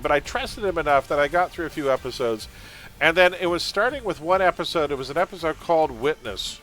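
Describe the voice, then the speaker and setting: A man's voice: on the high side, lively intonation, fast talker, sharp tone. A man chatting casually while live-streaming a game, laughing often and drifting into pop-culture tangents.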